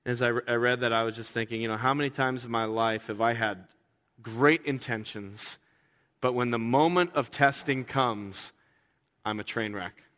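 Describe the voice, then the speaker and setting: A man preaching a sermon as pastor, talking in a conversational way and acting out quoted voices with sudden jumps in pitch. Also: normal speed, a bit bright. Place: church sanctuary. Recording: reverberant hall.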